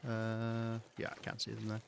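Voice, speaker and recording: A British man talks through a live game stream in a low, easygoing register. He thinks aloud in loose, rambling sentences full of ums and restarts. Faint noise hums underneath his voice. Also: completely flat delivery, normal speed, creaky. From Britain. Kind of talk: live gameplay commentary.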